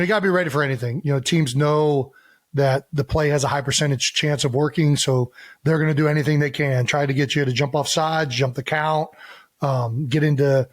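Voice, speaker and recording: Rambling male podcast co-host. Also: fairly high pitch. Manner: rambling, with many fillers and restarts. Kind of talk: casual chat.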